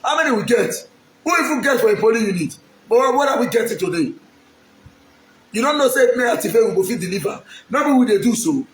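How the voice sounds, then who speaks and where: Nigerian guy from edo pleading w his people, high voice, keeps repeating himself, echoey room w faint hum behind. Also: big pitch swings, fast. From Edo State, Nigeria. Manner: pleading and emphatic, repeats lines. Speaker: aspiring local politician. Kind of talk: direct-to-camera public appeal.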